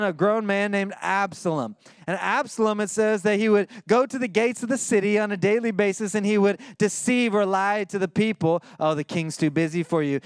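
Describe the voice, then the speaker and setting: High-voiced pastor preaching a sermon. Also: male voice, clear, resonant tone, dry recording, clean studio sound. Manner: conversational, dips quiet and intense when reading scripture; playful mock voices in asides.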